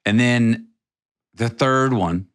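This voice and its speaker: A man's voice: mid-range voice, slow, a bit bright. A middle-aged man from Texas, a podcast guest telling a personal story in a rambling, vivid way with many restarts.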